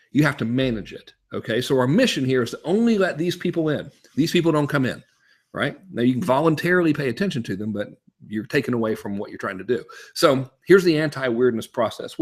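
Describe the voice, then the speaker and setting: Animated husky man coaching a webinar. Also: medium pitch. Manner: animated, frequent rhetorical "right?" and "okay?", swings up to emphatic peaks. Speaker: business coach. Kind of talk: casual webinar teaching.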